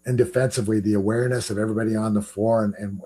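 A man, a former pro basketball player, telling stories in a relaxed interview and repeating words as he thinks. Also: lowish voice, rapid-fire, husky. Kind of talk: casual interview talk.

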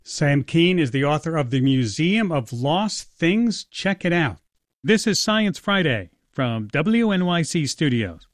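A man's voice: a little high, very animated, unhurried, no room sound, clean studio sound. A man hosting a radio show, wrapping up an interview in an upbeat manner. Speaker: radio host. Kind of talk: scripted radio presenting.

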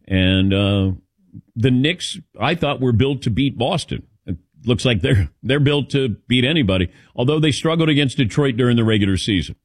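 A man's voice: medium pitch, moderate pace, dry recording, studio quality. A man hosting a sports talk radio show, chatting casually and rambling with lots of fillers. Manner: lively, rambling with many fillers. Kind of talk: casual radio chat taking calls.

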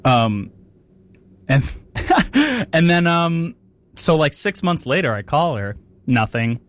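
Rambling young man, a bit high. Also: sing-song, takes it slowly. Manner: rambling, self-mocking, full of fillers. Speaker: radio co-host. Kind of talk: casual chat.

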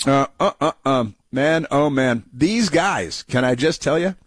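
A man's voice: mid-range voice, a little slow, husky, no echo. A man hosting a political talk show, commenting with mocking, combative asides and many fillers. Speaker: radio talk host. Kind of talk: political commentary over played clips.

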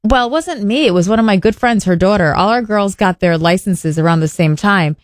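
A woman's voice: medium pitch, fairly quick, no echo. Woman, 40s, radio co-host, chatty storyteller, dry studio sound. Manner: chatty, storytelling, laughs often. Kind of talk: casual radio chat.

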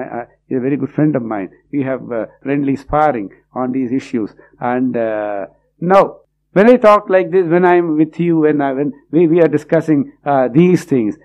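A man giving a spiritual discourse, reflective and unhurried, breaking into quick recited verses. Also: fairly high pitch. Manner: reflective, quotes verses in rapid bursts. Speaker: religious lecturer. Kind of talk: spiritual discourse on devotional texts. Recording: dull lo-fi recording.

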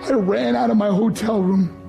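A man's voice: high voice, steady tone, normal speed, creaky. A man from New York giving an emotional motivational speech to students, telling his story earnestly and acting out the voices he quotes. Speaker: motivational speaker. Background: background music.

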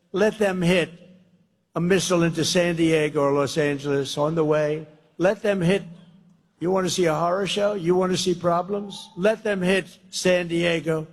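An older man politician giving a rally speech, rambling and repetitive with a boastful manner. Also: high-pitched. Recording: echoey large hall.

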